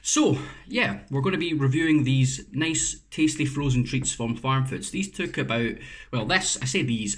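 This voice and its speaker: A man's voice: mid-range voice, fairly bright tone, a little hiss or hum. Chatty man reviewing food. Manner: chatty, self-correcting, casually sweary. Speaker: food reviewer, channel host. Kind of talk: casual review vlog.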